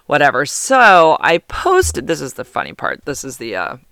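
A man tells a story on his home podcast, rambling and chatty and full of fillers. His voice sits a little high and sounds smooth and clean. The close podcast mic makes the sound dry. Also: wildly swooping pitch, normal speed, bright, forceful tone, no room sound. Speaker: podcast host. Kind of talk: casual storytelling.

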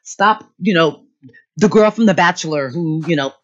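A woman's voice: fairly low pitch, normal speed. A woman co-host in casual chat, rambling with many fillers. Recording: dull lo-fi sound.

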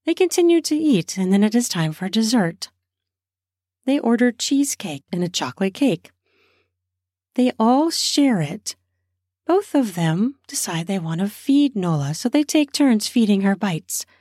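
A woman's voice: mid-range voice, very animated, unhurried, a little mellow, dry recording, clean studio sound. A woman improvising an erotic story off the cuff, narrating in a spontaneous, conversational way.

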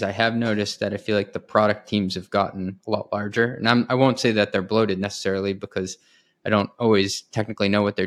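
A man's voice: lowish voice, a bit bright. A man hosting a podcast, asking a conversational interview question in a thoughtful, hedging way.

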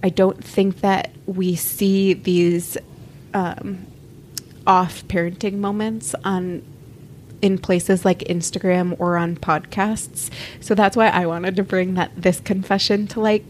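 Spokojna kobieta, podcastowa rozmowa. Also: female voice, medium pitch, takes it slowly, a little hiss or hum. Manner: calm, reflective, candid. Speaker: podcast co-host. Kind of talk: casual podcast chat.

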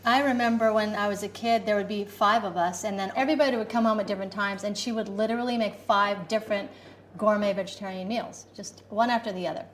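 Rich: A woman with a mid-range voice talking in an animated, conversational way. Faint ambience is audible behind her. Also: mid-range voice, quick pace, a little hiss or hum. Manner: animated, reminiscing. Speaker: interviewee. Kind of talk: casual conversation.

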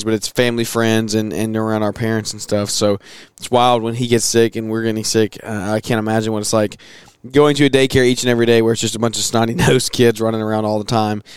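A man in his thirties hosting a podcast, talking casually with a hoarse voice and plenty of fillers and restarts. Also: fairly low pitch, dry recording. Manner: chatty, rambling with fillers and restarts. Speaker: podcast host.

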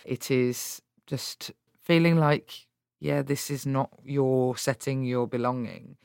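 Woman, interview guest: blunt, animated, swears freely, dry close sound. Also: extremely low pitch, slow, vocal fry, clean tone, dry recording. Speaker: interview guest, politician and author. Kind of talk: candid conversational interview.

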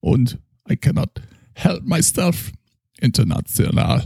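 A man voicing a pompous, tipsy male German psychoanalyst with a put-on German accent, slow and grandiose in his boasting. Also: mid-range voice, big pitch swings, vocal fry, dark tone, husky, dry recording, clean studio sound, voice pushed up, full character voice. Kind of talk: improvised comedy character.

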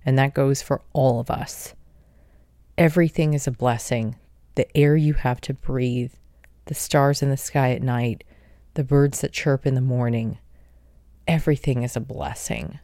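A woman's voice: very deep voice, steady tone, a little slow, warm tone, no echo, studio quality. A woman talking through life lessons and gratitude in an earnest, reflective self-help monologue. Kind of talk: motivational monologue.

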